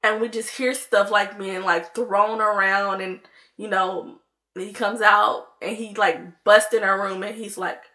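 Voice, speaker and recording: A woman's voice: mid-range voice, fairly even intonation, a little slow, sharp tone. A young woman, chatting to viewers in a casual storytime vlog, full of "like" and "y'all". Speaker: vlogger.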